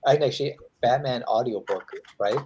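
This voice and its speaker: A man's voice: mid-range voice, normal speed, darkish tone, lo-fi sound, slight background noise. A man who draws comics, chatting casually with friends and telling rambling anecdotes, acting out the quotes. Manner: rambling storyteller, acts out quotes. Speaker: comic artist, host. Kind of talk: casual chat.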